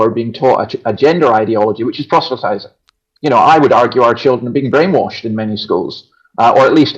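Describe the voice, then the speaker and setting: A man with a Scottish accent, a pastor talking earnestly and emphatically in a conversational religious discussion, often restarting his sentences. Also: mid-range voice. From Scotland. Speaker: pastor and show regular. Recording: dull lo-fi sound.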